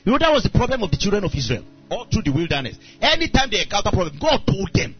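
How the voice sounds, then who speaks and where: A male preacher tells a story in his sermon and acts out the characters as he goes. His voice sits high and swings widely in pitch. The recording sounds dull and lo-fi, with faint music underneath. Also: quick pace, few pauses, breathy edge. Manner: animated storytelling, voicing characters.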